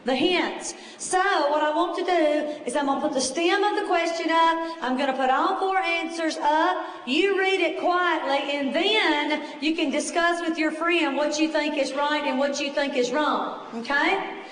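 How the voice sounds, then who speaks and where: Woman instructor, high pitch, chatty and reassuring, recorded from afar in an echoey hall. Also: fairly bright tone. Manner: chatty, reassuring, brisk teacher talk. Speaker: test prep instructor. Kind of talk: lecture to a class. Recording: echoey room, voice far from the mic.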